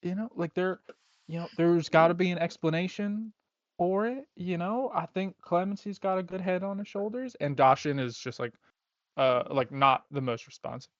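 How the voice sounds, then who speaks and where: A man's voice: high-pitched, normal speed, no echo. A man narrating a tabletop game as game master, in a laid-back, rambling way with many fillers, heard on a dull, lo-fi recording.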